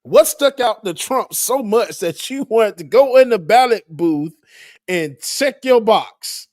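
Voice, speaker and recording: A man's voice: high-pitched, expressive, slow, no room sound, studio quality. A man in a casual political chat, questioning and incredulous.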